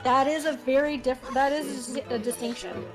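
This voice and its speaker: A woman's voice: high-pitched, steady tone, moderate pace, music in the background. A woman guest on a game stream, chatting casually in a blunt, teasing way and swearing freely. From United States. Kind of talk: casual chat while gaming.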